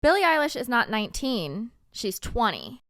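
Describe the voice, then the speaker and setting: A woman co-hosting a casual chat podcast, talking fast with quick asides and frequent laughs. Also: on the high side, very animated, a bit bright, dry recording, studio quality. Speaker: podcast co-host.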